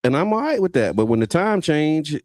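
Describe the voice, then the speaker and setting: A man's voice: a little high, big pitch swings, darkish tone, no echo, clean studio sound. A middle-aged man co-hosting a morning radio show, chatting casually with many restarts. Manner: chatty, halting, quick restarts. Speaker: radio co-host. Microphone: studio mic.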